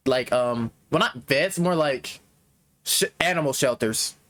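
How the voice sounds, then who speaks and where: A man's voice: mid-range voice, measured pace, a bit bright. A man streaming a game reaction, musing aloud in casual rambling commentary.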